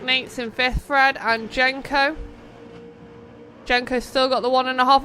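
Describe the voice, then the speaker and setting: A young woman hosting and commentating on a sim-racing stream, chatting playfully between race calls and getting excited at close battles. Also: sits high, measured pace, slight background noise.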